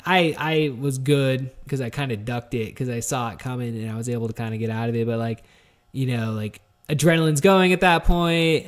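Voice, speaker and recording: A man hosting a solo podcast, telling a story in a rambling, candid way, swearing often and stumbling over fillers and restarts. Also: medium pitch. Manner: candid and introspective. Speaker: podcast host.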